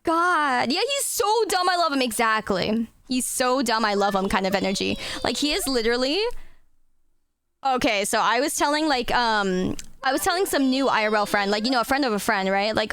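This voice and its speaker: High pitched young woman streaming, chatty and swears a bunch, voice bounces all over. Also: expressive, moderate pace, fairly bright tone. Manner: chatty, laughs often, swears casually. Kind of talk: casual chat.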